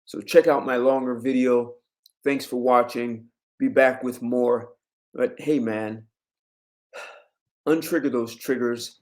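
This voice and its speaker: A man giving relationship advice to camera in an emphatic, lecturing way, jumping up in pitch on key words. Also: steady tone, slow, pauses often, a little mellow. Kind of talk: direct-to-camera commentary.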